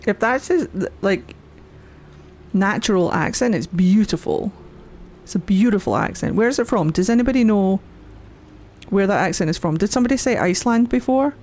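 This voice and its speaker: A woman's voice: medium pitch, sing-song, normal speed, darkish tone. A woman streamer giving rowdy, gushing commentary as she plays a game. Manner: rowdy, gushing, cheering at the screen. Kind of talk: excited let's play commentary.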